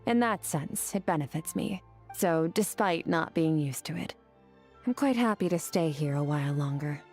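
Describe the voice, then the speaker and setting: An actress voicing a calm, aloof young female swordswoman in a video game, speaking in a measured, composed way. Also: low-pitched, husky, faint music behind, full character voice. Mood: calm instructive.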